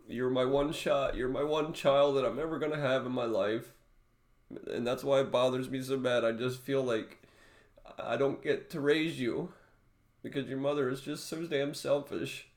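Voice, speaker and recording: A man talking straight to his viewers in an emotional personal vlog, his voice close to tears and breaking into halting restarts. His pitch sits in an ordinary middle range. The sound carries a noticeable room echo. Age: adult father. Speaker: vlogger.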